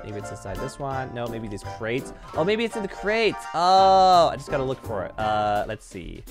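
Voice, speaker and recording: A woman's voice: rumbling low, very animated, normal speed. A young woman hosting a game roleplay, bubbly and giggly as she plays and comments. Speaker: gaming channel host. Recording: background music, faint.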